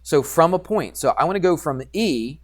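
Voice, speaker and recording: Male math teacher, easygoing classroom delivery, quizzes the class, mutters while clicking through software. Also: on the high side, lively intonation, normal speed. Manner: conversational, asks students questions and answers himself; talks while working drawing software, mutters asides. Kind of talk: classroom geometry lesson.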